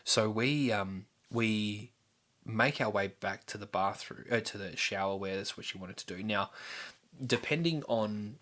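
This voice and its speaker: Rambling man with a bright voice. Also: fairly low pitch, measured pace. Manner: rambling, candid, with frequent fillers and restarts. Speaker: podcast host. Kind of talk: personal storytelling.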